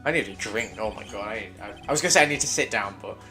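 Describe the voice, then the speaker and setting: A young man giving excited, casual commentary on a video game, laughing often and swearing freely. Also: lowish voice, fast talker, soft background music. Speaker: gaming video creator.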